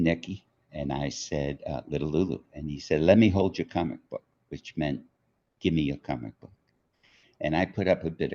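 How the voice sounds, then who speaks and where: A man's voice: deep voice, a little mellow. An older man, telling a story from his childhood in an interview and acting out the voices in it. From New York. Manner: unhurried storyteller, acts out quotes. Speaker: author being interviewed. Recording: dull lo-fi audio.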